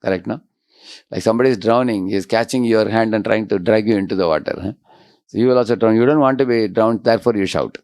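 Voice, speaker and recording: A man giving a devotional lecture, often checking in with his audience with quick rhetorical questions. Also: fairly low pitch, darkish tone, dry recording. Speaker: spiritual lecturer.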